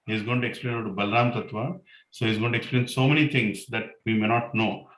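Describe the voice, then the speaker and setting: A man's voice: fairly low pitch, steady tone, fairly quick, a bit bright. Male host, casual rambling talk, lots of fillers, echoey room. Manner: rambling, many "you know" fillers. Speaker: host of an online class. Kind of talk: casual storytelling and closing thanks.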